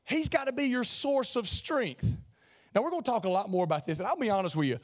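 A pastor preaching a sermon in an animated way, acting out comic scenes with shouts. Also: male voice, sits high, fast talker.

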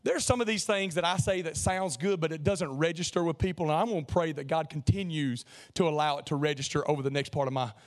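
A pastor preaching a sermon in an animated way, acting out comic scenes with shouts. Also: male voice, fairly high pitch, quick pace, few pauses.

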